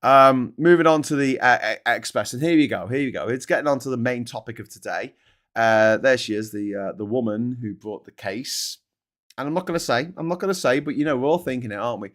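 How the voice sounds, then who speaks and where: Hosting a casual morning show, a middle-aged man runs through newspaper headlines with sweary sarcasm and open irritation. His voice is medium-pitched, brisk and a bit bright.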